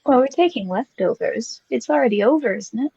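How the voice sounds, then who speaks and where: A woman's voice: fairly high pitch, expressive, fairly quick, gravelly, warm tone, slightly rough, no room sound, dull audio, exaggerated voice. A woman as an eager, hungry rabbitfolk paladin. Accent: British. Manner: upbeat, eager.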